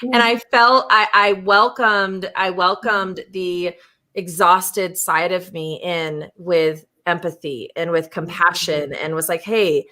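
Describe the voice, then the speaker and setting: A woman hosting a podcast, telling a personal story in a casual, animated way and laughing often. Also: on the low side, slow. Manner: animated, laughing, acts out her own inner dialogue. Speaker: podcast host.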